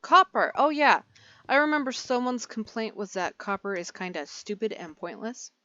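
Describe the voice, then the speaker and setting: A woman's voice: fairly high pitch, lively intonation, normal speed, bright, forceful tone, no room sound, muffled recording. A young woman giving casual gameplay commentary, chatty and rambling, easily sidetracked. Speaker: gaming video creator.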